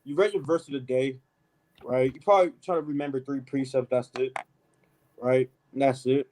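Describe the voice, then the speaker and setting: A man leading a casual, animated Bible study, reading verses and adding emphatic asides like "man" and "right?". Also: medium pitch, normal speed, low-quality recording. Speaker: Bible teacher. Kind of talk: street-style Bible study preaching.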